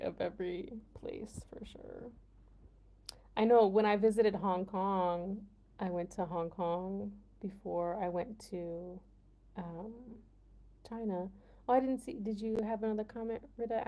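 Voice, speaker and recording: A young woman from the American Midwest chats with her livestream viewers in a relaxed, rambling way. Her Midwestern accent is easy to hear, and her tone is mellow and warm. She laughs often and leans on "like" as filler. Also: medium pitch, vocal fry. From United States, Midwest. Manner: chatty, laughs often, heavy use of "like". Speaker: livestream host. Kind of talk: casual livestream chat with viewers.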